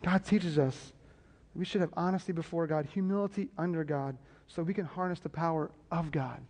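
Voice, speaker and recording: High-voiced man preaching in a reverberant hall. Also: a little fast, darkish tone. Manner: preaching with rising emphasis and repeated call-and-response asides. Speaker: pastor. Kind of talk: sermon.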